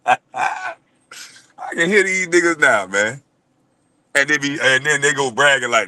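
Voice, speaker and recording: A man's voice: medium pitch, moderate pace, long pauses, pushed and bright, no room sound. A man on a live stream, ranting casually with lots of cursing, laughing and mocking impressions of other people. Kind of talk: profane ranting monologue.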